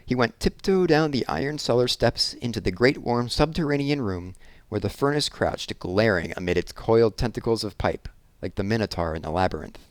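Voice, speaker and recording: A man narrating a children's novel aloud in a measured, expressive reading. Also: lowish voice, no room sound. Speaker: audiobook reader. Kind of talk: storybook narration.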